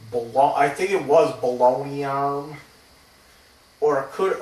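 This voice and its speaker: A man in his thirties rambling through a personal story, hesitant and casually swearing. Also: medium pitch. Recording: roomy, distant from the mic.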